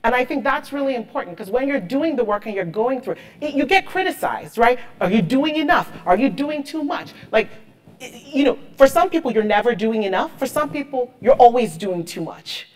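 A woman's voice: on the high side, lively intonation, fairly quick. A woman in her thirties, a marketing executive, speaking emphatically and with motivation as the guest of an onstage interview, often repeating words for stress.

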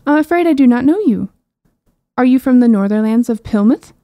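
A woman's voice: expressive, brisk, dry recording, muffled recording. Woman voicing a chatty caged princess. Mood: puzzled. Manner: high, eager questioning, formal old-style speech. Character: young noble princess, chatty and impatient, locked in a cage. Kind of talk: audiobook character voice.

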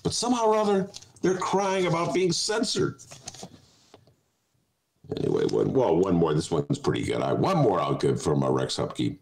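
A man's voice: low-pitched, wildly swooping pitch, moderate pace, vocal fry, noisy background. A man hosting a talk show, giving casual comic commentary in a digressive way and often breaking into laughter.

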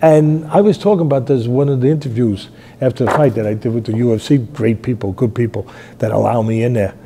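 An older man, hosting a fight talk show, telling stories in a rambling way and shouting out quoted lines. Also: mid-range voice, quick pace, a little hiss or hum. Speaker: boxing trainer and show host. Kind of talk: animated fight analysis chat.

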